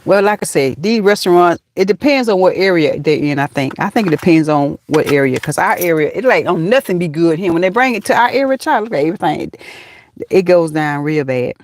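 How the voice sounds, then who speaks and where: A woman's voice: fairly low pitch, fairly quick, no room sound. Chatty laughing woman hosting a livestream. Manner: lively, laughing often, talks straight to chat viewers. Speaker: livestream host. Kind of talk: casual live chat reading comments.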